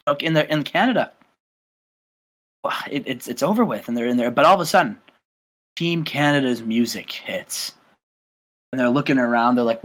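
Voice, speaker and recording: A man hosting a casual game playthrough, retelling events in an animated, rambling way with lots of fillers. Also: medium pitch. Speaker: host.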